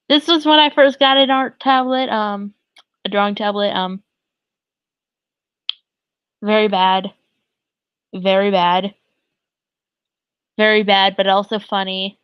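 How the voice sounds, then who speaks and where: Woman streamer, casual chat, giggly and gushing, unhurried, dry dull lo-fi mic. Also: medium pitch, clean tone, no room sound.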